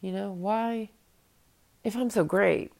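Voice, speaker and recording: A woman's voice: mid-range voice, fairly even intonation, takes it slowly, vocal fry, darkish tone. A woman in her late thirties hosting a solo podcast, talking bluntly and with profanity as she vents her frustration. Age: late 30s. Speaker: podcast host.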